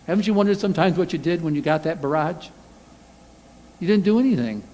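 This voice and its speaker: A man preaching a sermon as pastor, animated, acting out angry quotes in a loud voice. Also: a little high, quick pace. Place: church sanctuary. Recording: reverberant church hall.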